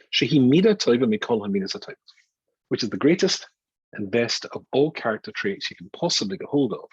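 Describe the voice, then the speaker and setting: Older man, rabbi, informal lecture, wry asides, husky voice, lively pitch, dull dry recording. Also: no echo. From Scotland. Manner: wry, self-mocking, chatty, with many asides.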